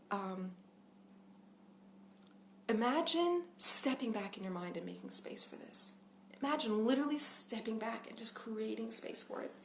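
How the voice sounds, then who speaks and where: A woman in her thirties who works as a parenting coach gives casual talking-head advice, earnest and chatty, with many fillers and frequent little laughs. Her voice sits on the high side and is fairly bright, with a bit of hiss or hum in the recording.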